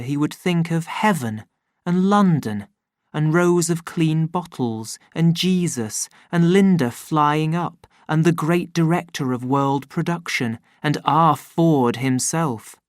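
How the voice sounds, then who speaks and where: A narrator reading a story aloud in a slow, measured, plain storytelling manner. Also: mid-range voice, no echo, studio quality. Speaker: audiobook narrator. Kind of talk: scripted narration.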